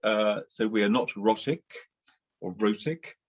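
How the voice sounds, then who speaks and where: A man's voice: on the low side, unhurried, dull audio. A man from England with a Southern English accent, co-hosting a casual, discursive chat with frequent fillers. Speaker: podcast co-host. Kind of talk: casual conversation.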